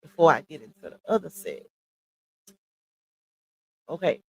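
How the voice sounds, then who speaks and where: A woman hosts a casual livestream in an unhurried, drawn-out way. Her voice sits at an ordinary pitch. The sound is dry and close, with no room around it. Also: no echo, poor audio. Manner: chatty, addresses viewers as y'all, often pauses to find screenshots. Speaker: livestream commentary host.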